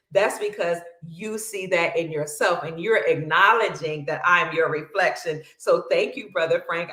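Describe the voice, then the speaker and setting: A woman hosting a livestream, chatting casually and warmly thanking viewers by name, calling them honey, sister and family, long-winded and bubbly. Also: on the low side, echoey room. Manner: effusive and affectionate, calls viewers honey, sister, brother and family. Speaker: livestream host. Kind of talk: casual livestream chat reading viewer comments.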